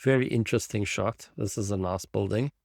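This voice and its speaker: A man's voice: on the low side, brisk, vocal fry, a little mellow, dry recording, clean studio sound. A man teaching a design tutorial over a screen share, thinking aloud with enthusiasm as he clicks through images. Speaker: design instructor.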